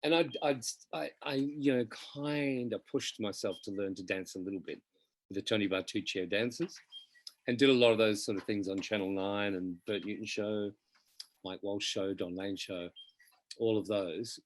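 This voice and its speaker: A middle-aged singer in a casual interview, telling chatty, animated anecdotes about his career. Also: on the low side, moderate pace, dry recording. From Australia. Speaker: interview guest, musical theatre singer.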